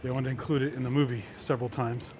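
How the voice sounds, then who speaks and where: A man with a mid-pitched, ordinary voice rambles through a casual walking narration, stopping and restarting with plenty of ums and uhs. He is recorded outdoors on a handheld camera mic, with clear traffic and street ambience behind him. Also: fairly even intonation, very fast. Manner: rambling, anecdotal, many fillers. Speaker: vlogger. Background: traffic and city ambience.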